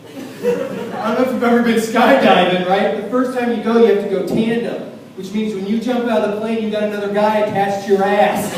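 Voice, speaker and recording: A man from small-town Maine doing a loud, self-deprecating stand-up set on a club stage, yelling his punchlines. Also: sits high, fairly even intonation, a little fast. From small town in Maine, USA. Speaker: stand-up comedian. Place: comedy club stage in a large room. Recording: echoey club room from far off, audience crowd.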